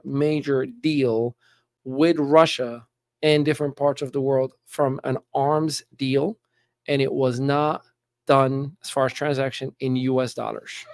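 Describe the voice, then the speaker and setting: A man's voice: medium pitch, clear, resonant tone, no room sound, studio quality. A man, middle-aged, chatting emphatically about politics as a podcast guest and often repeating words as he starts a sentence. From United States. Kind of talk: casual political chat.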